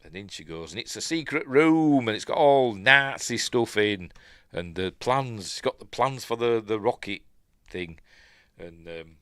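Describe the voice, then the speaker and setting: A middle-aged Yorkshire man talking casually over a film, full of fillers and asides. His voice sits a little low, and the sound is close and dry with no room echo. He slips into quick playful impressions of the characters. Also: lively intonation, a bit bright, clear, resonant tone. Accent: Yorkshire English. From Yorkshire, England. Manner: rambling, chatty, lots of ums and uhs; mimics quoted characters playfully. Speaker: film review host. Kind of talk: casual film watch-along commentary.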